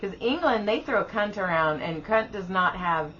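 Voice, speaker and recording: A woman's voice: medium pitch, animated, moderate pace. A woman co-hosting a podcast in casual chat, throwing in blunt, wry remarks while fighting a lingering cough. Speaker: podcast co-host. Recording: dull lo-fi sound with faint hiss.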